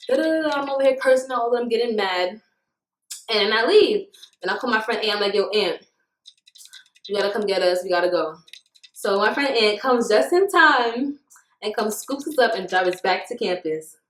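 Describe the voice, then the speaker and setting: A woman's voice: medium pitch, moderate pace. A young woman in college casually telling a story to camera, swearing freely and acting out what people said. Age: young adult. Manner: animated, profane, acts out quoted lines. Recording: echoey room with faint noise.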